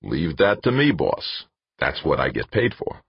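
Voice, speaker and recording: A man voicing a crafty, eager male PR director who talks in an insistent, excitable way. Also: rumbling low, a little slow, vocal fry, breathy edge, no room sound, heavily acted. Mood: persuasive. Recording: dull lo-fi dry recording.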